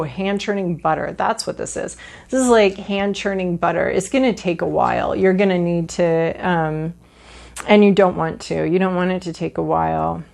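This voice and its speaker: A woman's voice: mid-range voice, gravelly, a little mellow. A woman giving a casual tarot reading, rambling with many fillers and restarts and playful asides. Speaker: tarot reader.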